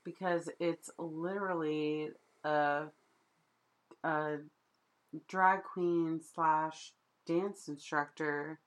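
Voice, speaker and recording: A woman co-hosting a podcast in casual chat, chatty and quick to laugh. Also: sits low, fairly even intonation. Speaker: podcast co-host.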